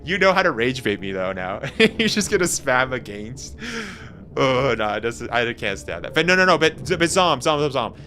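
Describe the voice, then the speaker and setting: A man from Canada chatting casually with his viewers on a game stream, animated and slangy, laughing often. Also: medium pitch, moderate pace, a little hiss or hum. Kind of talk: casual live-stream chat.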